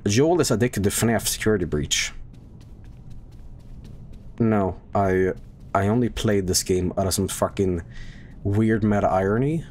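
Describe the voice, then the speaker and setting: A man's voice: on the low side, a little slow, long pauses, slight background noise. A man in his thirties giving casual, jokey commentary while streaming a horror game. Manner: animated, jokey, breaks into silly sung bits.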